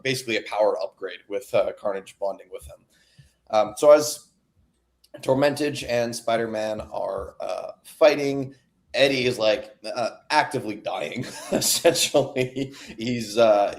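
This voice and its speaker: A man's voice: on the low side, darkish tone. A young man casually recapping a comic book on a podcast, rambling with many fillers and acting out the characters' lines. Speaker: podcast co-host.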